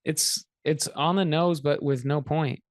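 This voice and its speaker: A man co-hosting a loose movie podcast, blunt and foul-mouthed, forever cutting in to tease his partner. His voice sits a little higher than most men's. The sound is close and dry, with no room around it. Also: steady tone, a little slow, dry recording. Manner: blunt, crude, teasing interruptions. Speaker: podcast co-host. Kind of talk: casual film-review chat.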